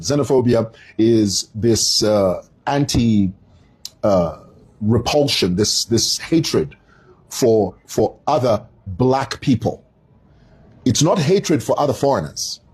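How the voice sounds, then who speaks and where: A Zambian man in his fifties with a Zambian accent, giving casual commentary in an animated, digressive storytelling manner. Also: mid-range voice, slightly rough.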